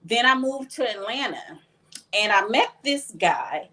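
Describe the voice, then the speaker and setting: A woman's voice: fairly high pitch, big pitch swings, a little slow, bright, forceful tone. A woman from Texas, a podcast guest, telling a personal story candidly and plainly, voicing what others said along the way. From Texas, USA.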